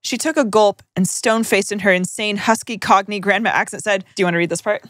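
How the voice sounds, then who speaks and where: A woman's voice: mid-range voice, fairly even intonation, fast, fairly bright tone, no room sound, studio quality. Wry young woman reading stories aloud. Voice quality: wry, sardonic asides while reading. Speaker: podcast co-host reading listener stories. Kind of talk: casual chat, reading aloud.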